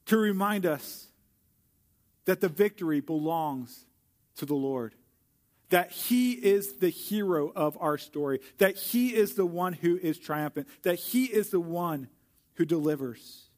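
Male preacher, fairly high voice, earnest sermon delivery with slow, stressed repetitions. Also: lively intonation. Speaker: pastor.

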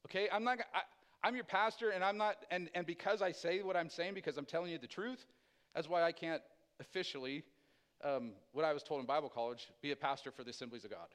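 A middle-aged male pastor telling a personal testimony in a casual, animated sermon style, acting out the voices of the people in his story. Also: a little high, quick pace.

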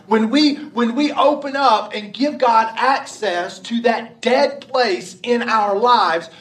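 A man's voice: very high-pitched, takes it slowly, fairly bright tone, roomy sound, distant mic, poor audio. A man preaching a sermon as pastor, in a conversational, restarting style.

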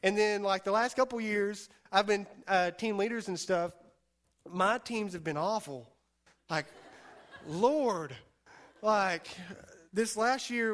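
A man's voice: high-pitched, fairly bright tone. A young man preaching an informal sermon to a youth group as their pastor, telling stories in a chatty way full of fillers and acted-out quotes. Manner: chatty storytelling, many fillers, acts out quotes.

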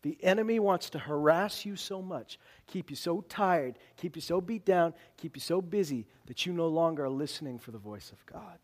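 A man preaching as a pastor in an earnest way, sometimes dropping to a hushed near-whisper. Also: a little high, animated, normal speed, few pauses. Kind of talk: sermon.

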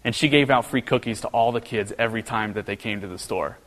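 A man preaching a sermon, earnest and storytelling, his pitch rising when he gets animated. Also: quick pace. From American Midwest. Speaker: pastor. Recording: long hall reverb.

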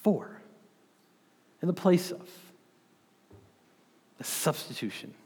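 A man's voice: mid-range voice, expressive, measured pace, darkish tone. Man preaching with a long hall echo. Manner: conversational preaching, often checking in with "right?". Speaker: pastor. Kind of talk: sermon. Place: church with a podium.

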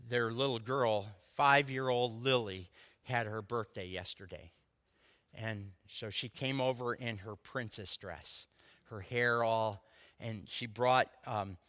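A man preaching a sermon as a pastor, telling personal stories in a lively way that swings between loud bursts and hushed asides. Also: on the low side, long reverb tail.

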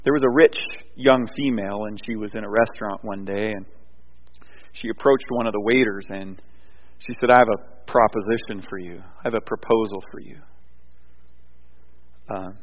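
A man preaching a sermon, moving between loud emphatic points and quiet, rambling storytelling with frequent restarts. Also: on the low side. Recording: dull sound with long hall reverb.

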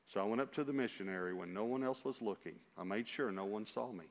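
A male preacher telling a personal story in an emphatic, lively way, with asides to his listeners, in a church. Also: lowish voice, fast, hardly any pauses. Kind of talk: storytelling sermon. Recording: long reverb of a large hall.

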